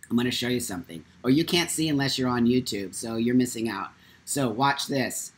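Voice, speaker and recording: A man hosting a live morning talk show, telling a personal story in a candid, blunt and animated way. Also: mid-range voice, a little fast. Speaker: host.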